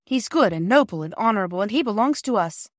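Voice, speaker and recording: A woman's voice: medium pitch, expressive, quick pace, no room sound, natural voice. A woman reading aloud plays a loving mother in a storybook, firm and reassuring in a mid-range voice. The sound is close and dry. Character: loving mother, steady and proud.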